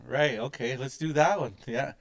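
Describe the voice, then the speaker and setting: A man's voice: mid-range voice, moderate pace, gravelly. A man teaching words in a language class, patiently repeating each word many times. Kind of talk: slow, repetitive pronunciation lesson.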